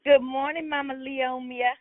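A woman's voice: high-pitched, little pitch movement, normal speed, heavy background noise. A woman hosting a call-in prayer line in a casual, playful way, laughing often and now and then breaking into song. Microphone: phone. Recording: phone line, dry.

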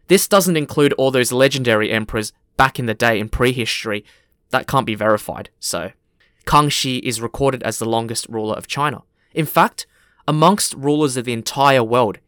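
Man, history podcast host, friendly and clear, smooth and dry sound. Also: medium pitch, a bit bright, no room sound. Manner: friendly, spells out names.

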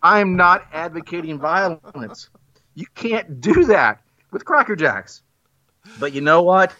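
A man's voice: high voice, very animated, a little slow, bright, forceful tone. A man giving a playful, theatrical mock-persuasive monologue in a self-mocking way. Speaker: guest making a comic pitch. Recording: muffled lo-fi recording.

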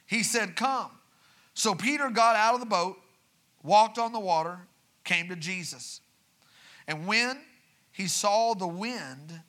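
A man with a drawl preaches in a church, his voice high and bright. He checks in with the congregation as he goes, then rises into urgent, raised preaching. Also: unhurried, vocal fry. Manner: builds from quiet reading to raised, urgent preaching; asks the congregation for responses. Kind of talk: sermon.

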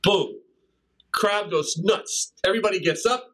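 A man's voice: high voice, unhurried, a bit bright, low-quality recording. Older man telling rambling stories. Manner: rambling anecdotes with scat-sung drum rhythms and laughs. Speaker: interview guest, drummer. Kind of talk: casual storytelling.

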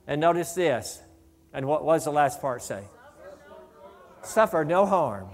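Male pastor, high-pitched, fervent sermon delivery with conversational asides. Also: big pitch swings, measured pace, long pauses. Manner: fervent, building to loud exclamations of praise.

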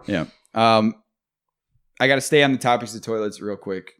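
A man's voice: on the low side, a bit bright, smooth. A young man co-hosting a podcast, rambling and joking with frequent swearing in casual chat. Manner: profane, rambling, quick to joke. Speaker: podcast co-host.

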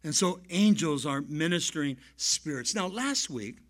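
A male pastor preaching a sermon and telling stories, swinging from soft asides to loud emphasis. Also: a little high, a little slow. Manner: animated storyteller, swings between soft and loud. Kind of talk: sermon with storytelling.

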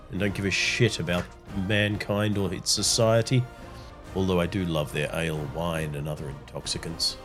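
A man introducing his tabletop game character in a gruff, irreverent way. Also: sits low, fairly even intonation, moderate pace, fairly bright tone, faint music behind. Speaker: player.

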